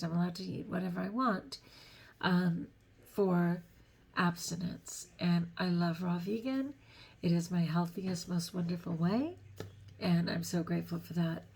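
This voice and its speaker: On the low side and a little mellow, this woman's voice carries a personal vlog full of sincere reflection on faith. She is middle-aged, chatty and self-deprecating, with frequent laughter between thoughts.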